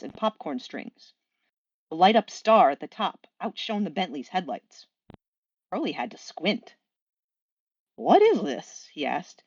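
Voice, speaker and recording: A woman reading a story aloud with lively, expressive narration. Her voice is lowish but leaps around in pitch. The recording is dry and a little muffled, like a home mic. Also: dry recording. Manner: animated, expressive. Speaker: fanfiction reader.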